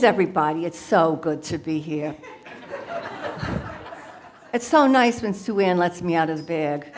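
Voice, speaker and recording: A woman voicing a playful, brash female guru alter ego who jokes loudly and laughs between lines. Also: fairly low pitch, creaky, a little hiss or hum.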